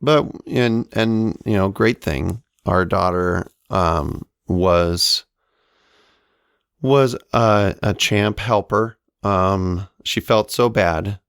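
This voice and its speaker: A man co-hosting a podcast, telling a family story in a slow, halting way with many fillers. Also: on the low side, vocal fry, a bit bright, clear, resonant tone, no echo, studio quality. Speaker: podcast co-host. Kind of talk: casual storytelling.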